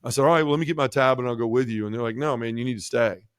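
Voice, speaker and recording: Animated storytelling man, dry close sound. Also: very fast, clear, resonant tone, no echo. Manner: animated, acts out quoted dialogue with jumps in pitch; self-mocking humor, many fillers like "you know" and "like". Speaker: podcast guest sharing his testimony. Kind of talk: casual storytelling.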